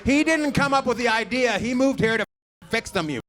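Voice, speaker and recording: A man doing stand-up comedy, teasing the crowd loudly with crude banter from a club stage. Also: very high-pitched, lively intonation, a little fast. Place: comedy club stage before a live audience. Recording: live club recording with noise.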